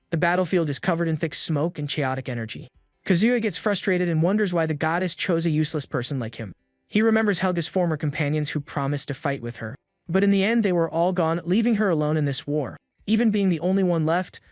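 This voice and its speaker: Higher-voiced man narrating a recap. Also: no echo, studio quality. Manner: steady storytelling recap. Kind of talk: scripted narration.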